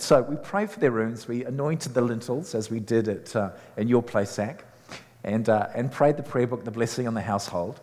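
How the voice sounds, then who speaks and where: A man's voice: mid-range voice, brisk, darkish tone. A man, a chaplain preaching a sermon in a conversational way, telling personal stories with frequent fillers and restarts. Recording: long reverb of a large hall.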